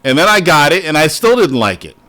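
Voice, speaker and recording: A man's voice: a little high, sing-song, fairly quick, sharp tone. A man hosting a casual podcast, arguing bluntly and swearing often. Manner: blunt, profane, argumentative. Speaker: podcast host.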